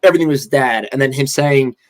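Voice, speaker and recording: A man's voice: mid-range voice, a little fast, rough recording. A man co-hosting a podcast in casual chat, rambling and full of filler words as he talks. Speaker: podcast co-host.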